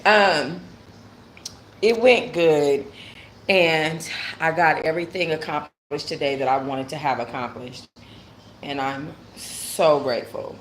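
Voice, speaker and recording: Low-voiced woman chatting with viewers. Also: slight background noise. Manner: emotional storytelling with slang and frequent fillers. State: close to tears. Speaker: host of a talk channel. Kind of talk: casual livestream chat with viewers.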